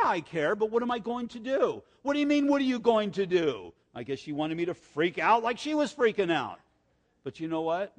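Older male pastor, echoey sanctuary. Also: on the high side. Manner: earnest, conversational preaching with personal stories. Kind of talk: sermon. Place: church sanctuary. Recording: echoey church hall reverb.

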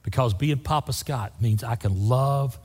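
An older male pastor preaching with fervor, his voice at an ordinary middle pitch. He swings from loud, raised declarations down to hushed, tender lines. The sound carries a long reverb from a church hall. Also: unhurried, slightly rough. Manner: fervent, swings from loud to soft. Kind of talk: sermon.

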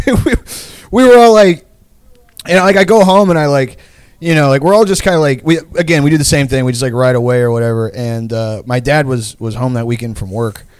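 A man's voice: medium pitch, a little fast, a little mellow, clear, resonant tone, no echo, studio quality. A young man casually telling a long story on a podcast, rambling with lots of fillers and swearing. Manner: rambling, lots of "like" fillers and profanity, laughs often. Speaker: podcast co-host.

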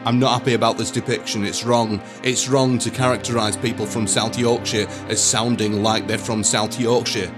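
A man's voice: medium pitch, little pitch movement, normal speed, hardly any pauses, music in the background. A man hosting a comedy sketch show, dry and mock-earnest. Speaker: host.

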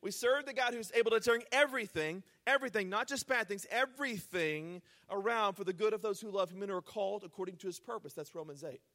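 A man pastor preaching a sermon, earnest, moving between hushed pleading and loud emphatic urging. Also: high-pitched, quick pace, hardly any pauses.

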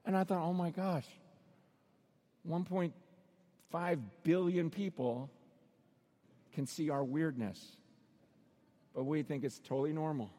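A middle-aged man with a high voice preaches a sermon in an arena. He tells stories and acts out the voices of the people in them, now and then rising to a shout. His words ring out with the long echo of a big hall. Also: steady tone, slow pace, long pauses. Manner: storytelling, acting out voices with sudden shouts. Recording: long reverb of a large arena.

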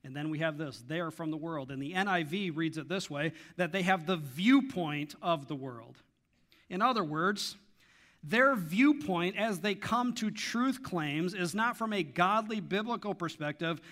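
A middle-aged male pastor delivers a sermon with a bright, forceful voice pitched a little above most men. He preaches emphatically, swelling on key lines and sinking to quiet, personal asides.

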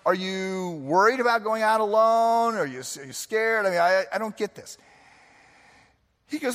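Earnest preacher in a reverberant hall. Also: male voice, high voice, normal speed, a bit bright. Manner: earnest, storytelling preacher with many restarts. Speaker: pastor. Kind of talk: sermon.

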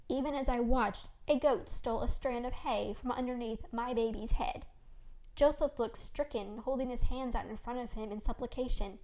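A woman podcast host reading her own first-person story aloud as scripted narration, with expressive storytelling. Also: fairly high pitch, normal speed.

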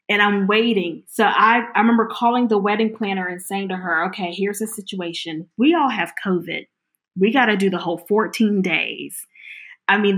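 Middle-aged woman telling her own story, acts out what everyone said, average pitch. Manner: animated, acts out quoted dialogue. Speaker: interviewee. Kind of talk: personal storytelling interview.

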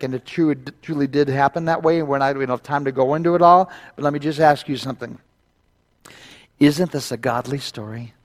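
A male pastor preaching a sermon, retelling a scripture story with lively asides to the congregation. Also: mid-range voice, brisk.

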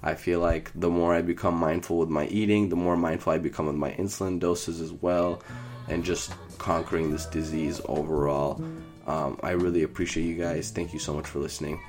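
A man's voice: low-pitched, flat delivery, fairly quick, a little mellow, soft background music. A young man from Iraq hosting a podcast, telling a personal story in a casual, scattered way, often laughing as he goes. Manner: scattered, rambling, laughs through his story. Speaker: podcast host.

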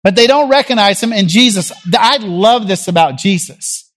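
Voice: mid-range voice, lively intonation, normal speed, fairly bright tone. A preacher from Tennessee, giving a sermon as a conversational story and acting out the people in it. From Jackson, Tennessee.

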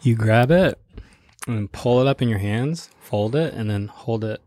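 A man's voice: medium pitch, unhurried, a little mellow, no echo. A young adult man, a pro surfer, telling stories in casual chat with lots of laughter and surfer slang. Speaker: pro surfer and podcast guest. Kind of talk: casual chat, animated storytelling.

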